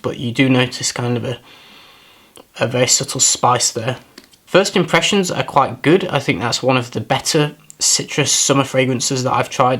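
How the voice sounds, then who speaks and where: Man, mid pitch, casual fragrance review, hesitant, thoughtful, self-deprecating. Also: fairly bright tone. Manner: thoughtful, hesitant, self-deprecating, repeats words while searching.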